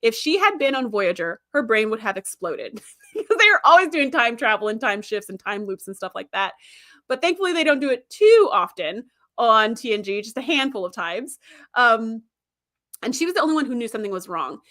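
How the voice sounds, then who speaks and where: Woman livestream host, casual fan commentary, animated and chatty, fairly high bright voice. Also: a little fast. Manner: animated, chatty, laughs often.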